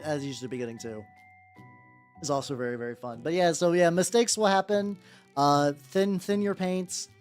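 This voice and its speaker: A man streaming while he paints miniatures, chatting casually with viewers in an animated, rambling way and repeating his greetings. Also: on the high side. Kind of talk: casual livestream chat. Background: faint background music.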